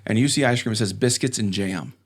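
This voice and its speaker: A man's voice: on the low side, quick pace, husky. A man hosting a casual church podcast chat, rambling and restarting his sentences in a playful way. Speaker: podcast host.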